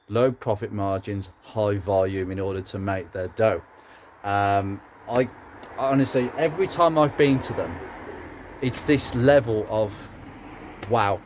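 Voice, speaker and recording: A man's voice: fairly low pitch, darkish tone, slight background noise. A man with a Brummie accent chatting casually as he works on a car for his channel, rambling with plenty of fillers and restarts. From West Midlands, England. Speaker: car restoration YouTuber.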